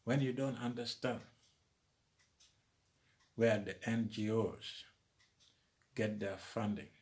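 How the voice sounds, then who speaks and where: Male commentator, deliberate slow monologue, preacher-like emphasis, lower register. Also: darkish tone. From Uganda. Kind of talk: opinion monologue.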